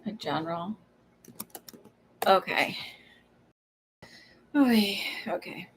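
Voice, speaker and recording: A woman's voice: lowish voice, animated, drawn-out words, slight background noise. Chatty woman giving hesitant psychic readings. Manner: hesitant, many fillers, chatty asides to viewers. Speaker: psychic reader on a livestream. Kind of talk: casual live reading, answering viewer questions.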